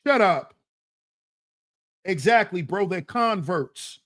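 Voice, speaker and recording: A man's voice: sits high, animated, slow, fairly bright tone, no room sound, clean studio sound. A man hosting a livestream, reading chat comments aloud and answering them in an emphatic, mocking way that repeats phrases.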